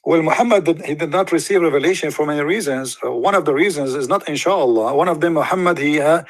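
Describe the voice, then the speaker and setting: Man hosting a call-in debate, mocking and emphatic, pitched a bit high, dry sound. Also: quick pace, no room sound. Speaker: online debate host. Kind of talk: live call-in debate talk.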